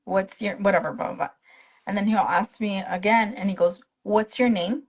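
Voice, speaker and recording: A woman's voice: medium pitch, normal speed, husky, poor audio. Young woman on a phone livestream, chatty, keeps acting out what everyone said. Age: young adult. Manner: animated retelling that acts out the other people's quoted lines. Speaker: guest, stroke survivor. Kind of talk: casual storytelling on a live stream. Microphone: phone on a live video stream.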